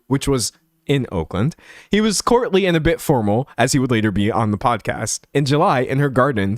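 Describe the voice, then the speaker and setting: A young man reads an article aloud to his stream chat and keeps stopping to riff on it. His pitch leaps around a lot, and he jumps between loud remarks and quiet, close asides. The sound is dry and close, with almost no room echo. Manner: chatty, animated, swings from loud to hushed asides. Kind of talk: casual reaction commentary, reading aloud.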